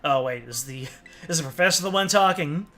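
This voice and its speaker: A man's voice: a little high, expressive, brisk, pushed and bright, soft background music. A man streaming a game, chatting casually and joking while sometimes reading the game's text aloud in a put-on newscaster voice. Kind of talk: casual let's-play commentary.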